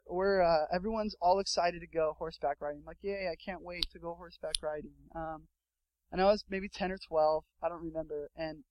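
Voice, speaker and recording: A young adult man preaching a sermon as pastor, telling a story with lively acted-out quotes. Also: high-pitched, dry recording, poor audio.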